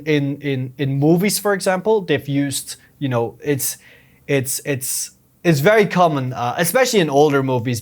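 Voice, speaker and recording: A young man with a non-native English accent, a podcast guest giving casual advice, earnest and explaining step by step with many restarts. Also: mid-range voice. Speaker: podcast guest, YouTube strategist.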